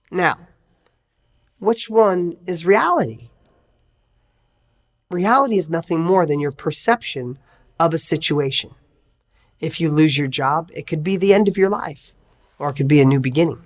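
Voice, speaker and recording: A man's voice: fairly high pitch, animated, a little slow, pauses often. Emphatic male success coach. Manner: emphatic, fires rhetorical questions. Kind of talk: motivational coaching talk.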